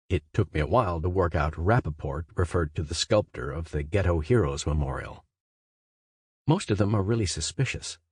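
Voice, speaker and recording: A man reading a literary story aloud as a first-person monologue. He speaks in a measured, conversational way and then rises into sudden emphatic questions. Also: deep voice, darkish tone, breathy edge, dry recording, clean studio sound. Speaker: audiobook narrator. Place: studio booth. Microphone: close studio mic.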